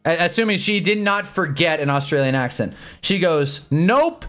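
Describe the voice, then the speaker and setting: A young man with a Midwestern American accent hosting a live stream, telling a dating story in an animated, laughing way and breaking off for quick remarks on the game. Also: fairly high pitch, smooth, faint music behind. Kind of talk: casual storytelling while watching football.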